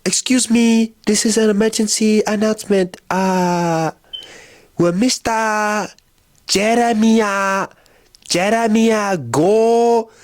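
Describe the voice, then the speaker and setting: A man's voice: sits high, slow pace, pitched above the performer's own voice. A man voicing a polite female airport intercom announcer who stumbles over a name. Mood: formal, halting.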